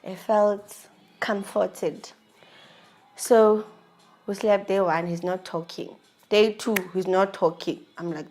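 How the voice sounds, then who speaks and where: A woman's voice: mid-range voice, fairly even intonation, slow pace, a little mellow. South African woman telling a personal story. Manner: emotional, confiding, with many restarts. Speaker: vlogger.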